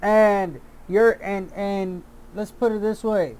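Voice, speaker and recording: A man with a fairly high voice delivers an angry commentary rant at a slow, deliberate pace. He swears freely, circles back over the same points and keeps restarting his sentences. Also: steady tone, darkish tone. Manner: heated, profane, repeats himself and restarts often. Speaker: YouTube commentator.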